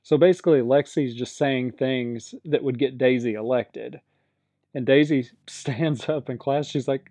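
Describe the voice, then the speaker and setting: Mellow-voiced man casually recapping an episode. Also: medium pitch, a little slow, dry recording. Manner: rambling storytelling, many fillers.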